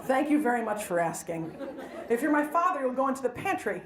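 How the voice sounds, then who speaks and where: Woman doing stand-up, loud and exuberant, echoey room with a laughing crowd. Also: sits high, very animated, brisk. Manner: exuberant, shouting punchlines. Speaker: stand-up comedian. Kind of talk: stand-up comedy set. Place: comedy night in a live venue with audience.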